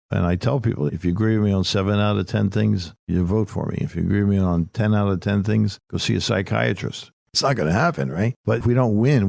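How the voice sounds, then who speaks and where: A man's voice: deep voice, vocal fry, mellow, no echo, clean studio sound. An older man, a political candidate, talking as a guest in a casual interview and telling folksy, emphatic stories.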